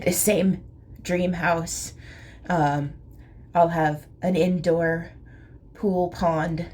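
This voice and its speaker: A young woman talks slowly through tears in a small, gravelly voice. She speaks haltingly, with soft, breathy, half-whispered asides. A faint hiss of noise sits under the recording. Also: on the low side. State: crying. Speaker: vlogger. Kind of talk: tearful confessional monologue.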